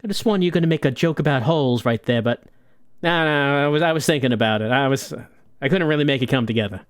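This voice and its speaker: A man streaming a game and making quick, wry comments. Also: medium pitch, clear, resonant tone, no room sound, studio quality.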